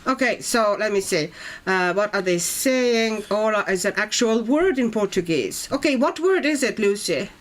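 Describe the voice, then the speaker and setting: A woman's voice: medium pitch, expressive, normal speed, hardly any pauses, a little hiss or hum. A middle-aged woman from Estonia hosting a casual livestream chat, talking in a chatty way and laughing often. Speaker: livestream host.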